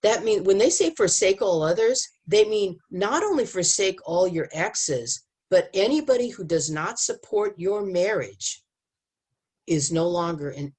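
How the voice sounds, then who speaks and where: A woman's voice: fairly low pitch, a little mellow. Middle-aged woman, from the US, emphatic, storytelling, quotes people in voices. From United States. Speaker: speaker on marriage and family. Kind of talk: lively talk to an audience.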